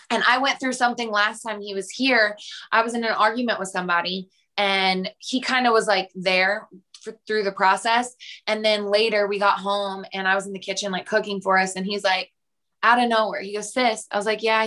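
A young woman guest on a podcast, talking earnestly and warmly in a casual conversation, laughing often and acting out little scenes. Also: mid-range voice, moderate pace. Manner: warm, earnest, laughs often, animated retelling.

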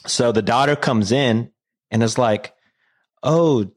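A man's voice: medium pitch, steady tone, measured pace. A man casually retelling a story to friends, rambling and profane, full of fillers and jokes.

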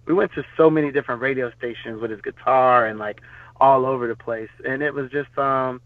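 A man's voice: medium pitch, fairly even intonation, brisk, no echo. A man tells long, rambling stories as a podcast guest, full of fillers and restarts. His voice sits in the middle register and comes through a tinny, phone-like line with no room sound. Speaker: podcast guest, former bodyguard. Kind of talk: casual storytelling interview.

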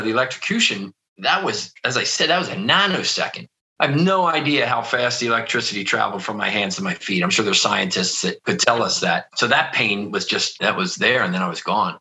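An earnest middle-aged man recounting a personal story in an interview, with a bright, forceful tone and a somewhat low voice. He talks vividly and keeps restarting his sentences with "you know.". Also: lively intonation, fairly quick, low-quality recording. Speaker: guest telling his near-death story.

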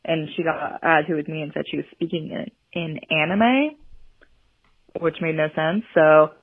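A woman's voice: low-pitched, normal speed, slight background noise. A woman leaving a voicemail, nervous and giggly as she rambles through her question. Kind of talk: voicemail message. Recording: tinny phone-line voicemail.

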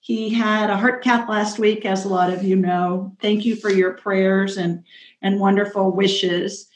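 Woman, show host, chatty, upbeat, roomy echo, middle pitch. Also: fairly even intonation, a little slow. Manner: chatty, upbeat, self-joking. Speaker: radio show host and psychic. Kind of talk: casual call-in show chat.

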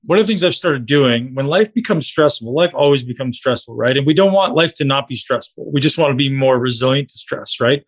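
A man's voice: mid-range voice, animated, fairly quick, few pauses. A man coaching a group on a call, talking casually and directly to his listeners.

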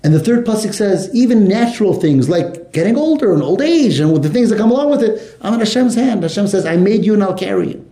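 A man's voice: sits high, roomy sound. A man teaching a Torah lesson to a class, telling the story with animation and asking his students questions. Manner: animated, asks the class questions, mixes Hebrew and Yiddish terms.

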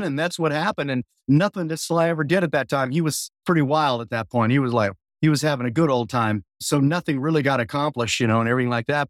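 A man in his sixties, a guest musician telling a story with lots of energy, acting out voices and humming bass lines. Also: dry recording, studio quality. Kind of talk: animated storytelling.

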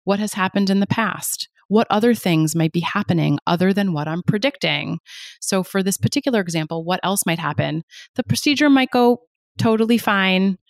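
A woman guest on a podcast, a pain psychologist explaining ideas in an energetic, emphatic way with lots of rhetorical questions. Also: medium pitch, normal speed, no echo, clean studio sound.

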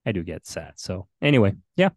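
Deep-voiced pastor, earnest and reflective. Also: male voice, sing-song, a little fast, no room sound, studio quality. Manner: earnest, reflective, many fillers and restarts. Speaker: pastor and podcast co-host. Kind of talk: casual podcast conversation.

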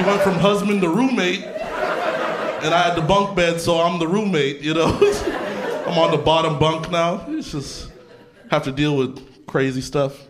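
A young adult man from Canada doing a stand-up comedy set in a theatre, talking conversationally with deadpan punchlines and casual asides. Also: high voice, background noise. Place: theatre stage before a laughing audience. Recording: live theatre set with crowd laughter. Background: audience laughter.

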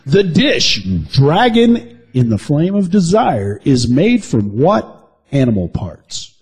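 Husky lively-voiced man hosting. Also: on the high side, slow pace. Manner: playful, teasing, hams up announcements. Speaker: podcast co-host. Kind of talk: casual joking chat, game show hosting.

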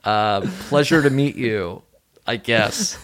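A man's voice: medium pitch, fairly bright tone. Brief: man as a fumbling out-of-town customer, hesitant, near his own voice. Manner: hesitant, full of ums and fumbling pauses. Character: awkward male tourist customer, halting and fumbling.

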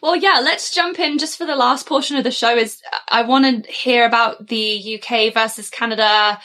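Bright, lively female podcast host. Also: a little high, normal speed. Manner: laughs often and reacts eagerly. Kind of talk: casual interview chat.

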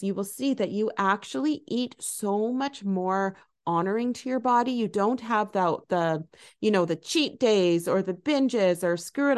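Middle-aged woman, warm-hearted coach voice, gentle and animated solo podcast talk. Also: mid-range voice. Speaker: podcast host and eating coach.

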